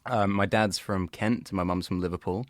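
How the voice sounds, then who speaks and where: Young aussie guy with a bit of english in it, low voice, bouncy chatty guest, dry close sound. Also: moderate pace, no room sound. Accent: Australian with a tinge of English. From Australia, born and raised in Sydney. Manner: lively, laughs often, pitch jumps high when excited. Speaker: podcast guest, actor. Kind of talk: casual chat.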